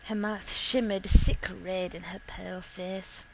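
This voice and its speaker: A woman reading a literary short story aloud in a measured, deliberate way. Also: mid-range voice, flat delivery, creaky, a little hiss or hum, rough recording. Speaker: reader.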